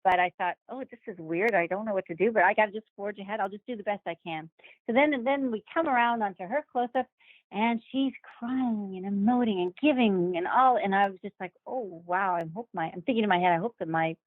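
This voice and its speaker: Woman guest, lively anecdote-teller, tinny dry call audio, average pitch. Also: brisk, dry recording. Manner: animated, acts out quoted voices with laughs. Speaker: guest actor. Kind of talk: casual interview storytelling.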